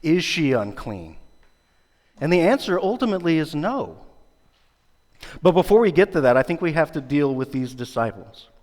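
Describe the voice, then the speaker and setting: A man's voice: a little high, very animated, normal speed, pauses often, a little mellow. A man preaching a sermon as pastor, earnest and building his points through rhetorical repetition. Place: church sanctuary. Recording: long reverb of a church hall.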